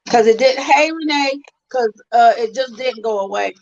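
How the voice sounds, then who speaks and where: A woman co-hosts a casual live-streamed chat, talking from her phone in a slightly high voice. She thinks aloud and stops to hunt for the right word. The phone audio is a bit dull and lo-fi. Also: normal speed. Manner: thinks aloud, searches for words mid-sentence. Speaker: co-host.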